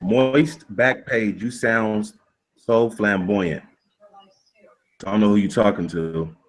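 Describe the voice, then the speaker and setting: A man in an online voice chat who talks in a slow, teasing drawl. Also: lowish voice, steady tone. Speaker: debate participant.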